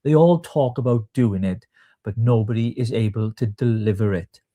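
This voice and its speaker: A man's voice: fairly low pitch, moderate pace, mellow. A man with a Welsh accent co-hosting a casual political chat, teasing his co-host and turning firm when he talks politics. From South Wales.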